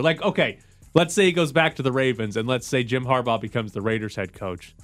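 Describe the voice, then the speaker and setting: A man's voice: medium pitch, faint music behind. A man hosting a sports radio show, chatting casually and joking about football news. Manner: quick, joking, animated.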